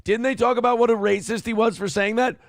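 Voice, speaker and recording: A man's voice: very high voice, steady tone, fast, dry recording, clean studio sound. A man hosting a livestream, reacting to a clip with sarcastic, profane asides. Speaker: livestream host. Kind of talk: casual reaction commentary.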